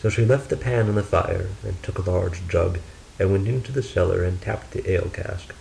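A man narrating a fairy tale in a steady, measured storybook reading. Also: low-pitched, vocal fry, a little hiss or hum, rough recording.

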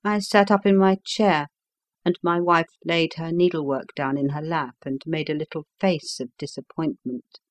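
Brief: woman audiobook narrator, deep for a woman, slow and measured, dry close recording. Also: fairly even intonation, no room sound. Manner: measured, unhurried storytelling. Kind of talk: scripted narration of a classic story.

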